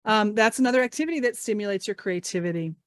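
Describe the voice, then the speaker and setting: A woman's voice: mid-range voice, fast talker, dry recording, clean studio sound. A woman teaching English over a video call, playfully leading a guessing game. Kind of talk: online teaching session. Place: home office.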